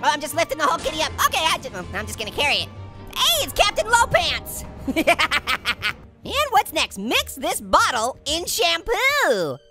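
A man's voice: wildly swooping pitch, moderate pace, music in the background, exaggerated voice. A man voicing a hyper, wisecracking male cartoon orange who giggles and puns through comedic gameplay commentary. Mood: giggly hyper. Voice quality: squeaky, pitched-up cartoon voice. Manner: giggly, punning, jokey. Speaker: let's play host.

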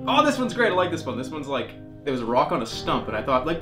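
A man chatting casually on a livestream, joking and swearing freely, often bursting into loud laughter. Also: a little high, big pitch swings, fast, over music.

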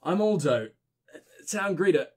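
A man's voice: high-pitched, animated, a little slow, darkish tone, slightly rough, full character voice. A man voicing a shambling, drunken male town greeter with a slurred voice, reading game dialogue aloud. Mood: tipsy, rambling.

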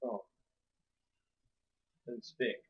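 A man giving casual let's-play commentary, swearing often and swinging between low muttering and loud outbursts. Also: extremely slow, highs cut off. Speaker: gameplay commentator.

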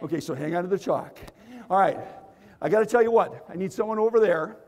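Male seminar host, high-pitched, playful crowd worker; hall-reverb sound. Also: brisk, a little mellow. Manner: playful, teasing, call-and-response with the crowd. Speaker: motivational speaker and magician. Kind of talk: energetic seminar talk with audience participation. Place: large hall with audience.

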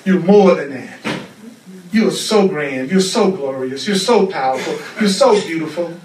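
A man's voice: a little high, animated, a little slow, darkish tone, slight background noise. A man teaching a spiritual class with a fervent, repetitive preaching cadence. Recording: roomy echo, far from the mic.

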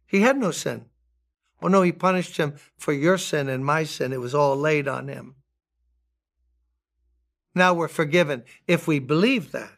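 An older man preaching a sermon as pastor, emphatic, repeating key words and rising high on his appeals. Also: measured pace, creaky, long pauses, a bit bright.

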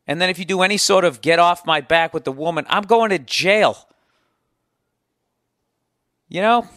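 American podcast host, forties, profane self-mocking storyteller, slightly high voice. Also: male voice, moderate pace, a bit bright, dry recording, studio quality. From United States. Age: 40s. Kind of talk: casual storytelling monologue.

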